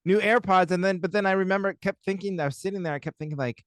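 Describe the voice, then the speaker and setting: A young man co-hosting a podcast in casual, jokey chat, arguing playfully and telling stories with a slightly husky throat. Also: high-pitched, fast talker, dry recording, clean studio sound. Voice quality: husky, like a smoker's voice right now. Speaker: podcast co-host.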